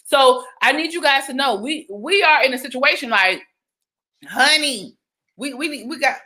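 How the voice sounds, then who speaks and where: Young woman, livestream host, bright and lively, talks straight to her viewers. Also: high voice, normal speed. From Georgia, US. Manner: chatty, animated, breaks into sung exclamations. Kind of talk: casual livestream chat.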